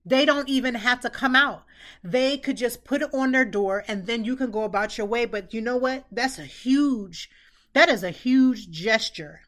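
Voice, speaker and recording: A woman's voice: fairly high pitch, moderate pace, fairly bright tone. A middle-aged woman hosting a podcast, giving casual advice in an earnest way and repeating phrases for emphasis. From Pennsylvania, United States. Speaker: podcast host.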